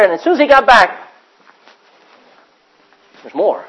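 A man preaching a sermon as pastor, swinging from hushed asides to loud acted-out quotes. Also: high voice, a little fast, pauses often, poor audio.

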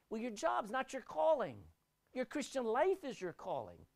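A woman delivers a sermon in a very animated voice, her pitch sweeping high and low. She presses hard on key phrases, then sinks to a hush. She often repeats a word as she restarts a thought. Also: normal speed, creaky. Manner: expressive, rising and dropping sharply for emphasis; repeats words when restarting. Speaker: preacher.

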